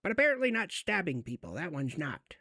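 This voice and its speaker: A man's voice: high-pitched, big pitch swings, brisk, vocal fry, bright, forceful tone, husky, dry recording, clean studio sound. A man co-hosting a comedy news show, speaking sarcastically.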